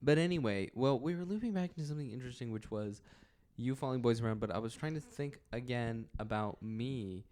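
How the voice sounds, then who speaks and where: A man's voice: medium pitch, fairly quick, darkish tone. Laid-back man joking on a podcast. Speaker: podcast co-host. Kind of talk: casual chat.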